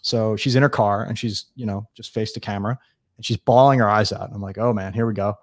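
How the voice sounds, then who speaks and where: A man from New York State, a guest in a casual interview, telling stories quickly and acting out what people said. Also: fairly low pitch, no room sound, clean studio sound. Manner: fast, animated storyteller acting out dialogue.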